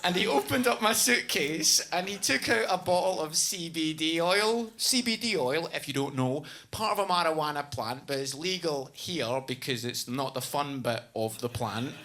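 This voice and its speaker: A man's voice: fairly high pitch, lively intonation, moderate pace, hardly any pauses. A man telling a wry stand-up anecdote. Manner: bright, wry anecdotal storytelling. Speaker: stand-up comedian. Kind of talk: stand-up routine.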